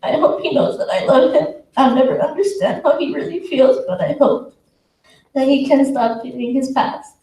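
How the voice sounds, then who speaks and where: Teen girl reading a poem, gravelly and mellow, soft nervous laughs, echoey room. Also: sits high, moderate pace. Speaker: student poet. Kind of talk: reading her own poem aloud. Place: school auditorium. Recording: echoey hall from far off, faint noise.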